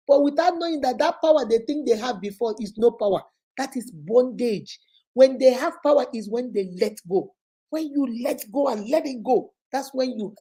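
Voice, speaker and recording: A woman's voice: mid-range voice, warm tone. A woman hosting a casual live stream, giving emphatic marriage advice and greeting viewers by name. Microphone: phone.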